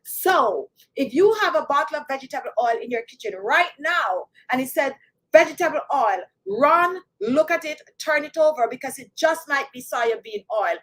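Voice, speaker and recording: A woman with a Jamaican accent talking casually to her viewers, chatty and animated, often speaking to them directly. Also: high voice, normal speed, poor audio. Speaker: beauty channel host. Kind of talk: casual talk to camera.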